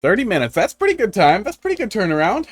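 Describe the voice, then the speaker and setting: This game streamer talks fast in a high voice with wildly swooping pitch and a breathy edge, recorded dry with faint music beneath. Chatting loosely with his audience, he spins meandering, foul-mouthed tech anecdotes in a dry, humorous style.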